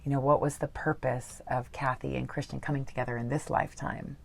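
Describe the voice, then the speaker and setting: A woman's voice: rumbling low, little pitch movement, brisk, gravelly, a little mellow. A middle-aged woman guest telling her story earnestly in a conversational interview, laughing now and then.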